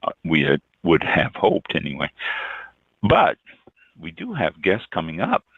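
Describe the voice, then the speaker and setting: A man's voice: sits low, huge pitch swings, unhurried, vocal fry, breathy edge, no echo, highs cut off. A man hosting a live talk show, chatting casually and folksily with his co-host over a call. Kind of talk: casual chat.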